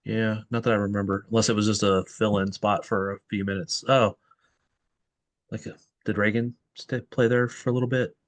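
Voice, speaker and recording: A man's voice: fairly low pitch, flat delivery, normal speed, no echo. A man hosting a soccer podcast in casual chat, thinking aloud and correcting himself as he goes. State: tired. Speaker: podcast host.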